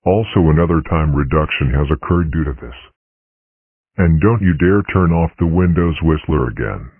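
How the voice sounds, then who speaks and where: A man voicing a very deep, evil-mode robot. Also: animated, moderate pace, no echo. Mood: menacing. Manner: menacing, gloating. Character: evil-mode robot, male, enraged and menacing. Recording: dry, phone-like tinny sound.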